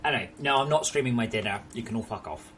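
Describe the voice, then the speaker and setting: A man's voice: mid-range voice, expressive, fast, a bit bright, a little hiss or hum. Chatty young English man streaming. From England. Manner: chatty, joking, swears freely. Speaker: game streamer. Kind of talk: casual live-stream chat.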